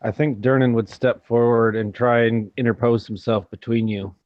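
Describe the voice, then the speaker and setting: A man's voice: medium pitch, flat delivery, moderate pace, no room sound. A man tentatively describing his character's actions as a player in a tabletop game. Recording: dull, dry lo-fi mic.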